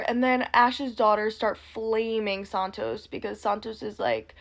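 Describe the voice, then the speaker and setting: A young woman recapping drama in a casual, fast and sarcastic gossip style, swearing freely. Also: medium pitch, little pitch movement, gravelly, fairly bright tone. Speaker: commentary youtuber.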